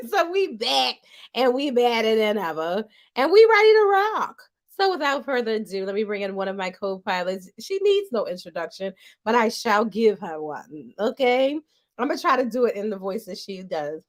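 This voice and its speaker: High-voiced hype podcast woman. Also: sing-song. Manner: hype, slangy, playful, drawn-out words. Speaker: podcast host. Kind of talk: casual livestream chat.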